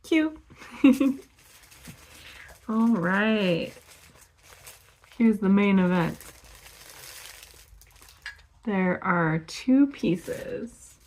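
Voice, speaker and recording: Very slow-talking giggly young woman. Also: mid-range voice, expressive. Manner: slow, giggly, enthusiastic, gasps and soft whispers. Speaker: vlogger. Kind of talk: casual unboxing vlog.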